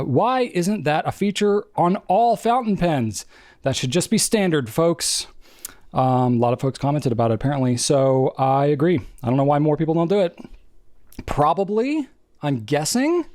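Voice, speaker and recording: A man's voice: medium pitch, a little mellow, no echo, clean studio sound. A man co-hosting a podcast, chatting casually and thinking aloud with frequent restarts. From New England. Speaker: podcast co-host. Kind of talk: casual chat.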